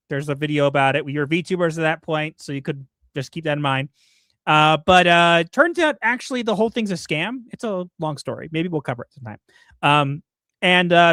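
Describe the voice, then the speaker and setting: A man with a notably high speaking voice hosts a livestream and reads viewer messages aloud, joking and teasing as he goes. He stumbles over his words and restarts often. The sound is close and very dry. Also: a bit bright, no room sound. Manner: stammering restarts, playful and teasing. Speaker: livestream co-host. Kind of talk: casual chat, reading out viewer messages.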